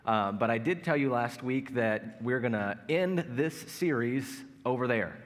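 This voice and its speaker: A male pastor in his thirties preaches in a large church space, his voice trailing into a long hall reverb. He talks in a conversational, self-mocking way, mixing personal stories into the sermon at a middle pitch. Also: expressive, unhurried. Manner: conversational, self-mocking humor with acted-out anecdotes.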